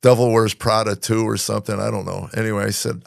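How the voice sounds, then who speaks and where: Deep gravelly man, halting chat. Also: flat delivery, no room sound, studio quality. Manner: halting, many fillers and restarts. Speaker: podcast host. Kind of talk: casual chat.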